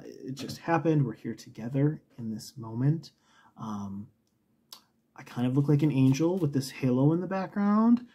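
A man with a fairly high but mellow voice chats casually as a knitting host. He rambles and pokes fun at himself, sometimes drifting away from the mic as he talks. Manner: chatty, self-mocking, rambling asides. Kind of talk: casual chat.

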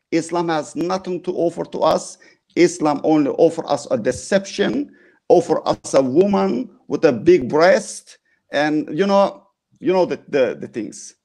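High-voiced man, halting fervent speech. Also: creaky. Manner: halting, many fillers, non-native grammar; forceful, mocking. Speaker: guest speaker. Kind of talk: impassioned live-stream testimony.

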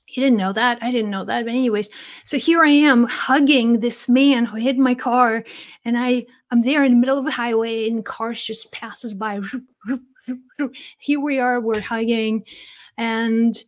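A woman's voice: on the high side, fairly even intonation, a little slow. A woman hosting a spiritual channel, telling a personal story in an earnest, heartfelt way. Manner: earnest, heartfelt, with soft laughs and restarts.

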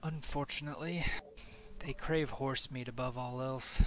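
A man's voice: mid-range voice, fairly even intonation, measured pace, background noise, lightly acted. A man doing a blunt woman griffin keeper. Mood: wry. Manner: blunt, wry, hesitant with fillers. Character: tough woman griffin keeper, dry humor.

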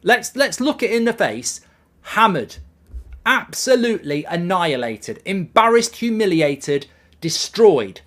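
A woman's voice: medium pitch, sing-song, a little slow. A woman, a football fan streaming a live watchalong reaction, ranting furiously, swearing and repeating herself.

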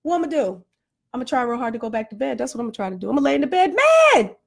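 A woman with a high, bright voice talks straight to her phone camera in a playful rant. She laughs often, pokes fun at herself and swings her pitch all over. She sounds a little winded, fresh from a workout. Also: racing, vocal fry. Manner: animated, self-deprecating, laughs often. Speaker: vlogger. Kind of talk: casual comedic rant to camera.

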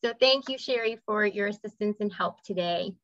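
A woman hosting a live spiritual session, chatting effusively and then gently guiding a breathing meditation. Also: medium pitch, moderate pace, highs cut off, faint music behind. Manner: effusive, warm-hearted chatter with soft guided breathing cues. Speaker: spiritual teacher and medium hosting a live event. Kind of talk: casual live talk and guided meditation.

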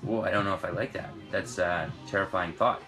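A young man from Britain, an actor, reading fan questions aloud from his trailer and answering in a relaxed, rambling way. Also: deep voice, brisk, soft background music. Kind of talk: casual live-stream Q&A. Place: trailer on a film set.

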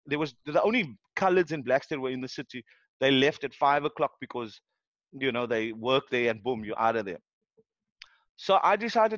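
This Cape Town podcast guest has a South African accent, a medium-pitched voice, and a normal speaking speed. He tells his story casually and with animation, imitating people's words, in a recording with no echo and the highs cut off.

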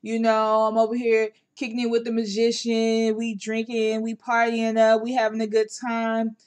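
A woman's voice: fairly high pitch, completely flat delivery, moderate pace, darkish tone, clean tone, close to an everyday voice. A woman playing a boastful party king.

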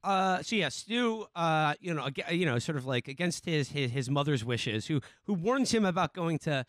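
A man's voice: on the high side, animated, moderate pace, a bit bright, no room sound. A man co-hosting a podcast, recapping a film in casual chat with many restarts and fillers. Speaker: podcast co-host.

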